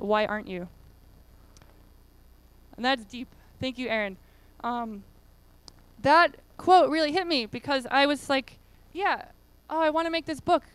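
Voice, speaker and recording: Woman, conference speaker, high voice, chatty with lots of "like"s, very clear sound. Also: dry recording. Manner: chatty, many fillers and "like"s. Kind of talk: casual conference talk. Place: conference room.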